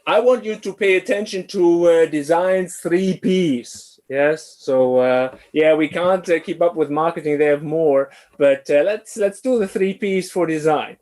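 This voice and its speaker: Male business lecturer, higher-pitched, halting delivery full of fillers, online class. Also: darkish tone. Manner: hesitant, many uh fillers.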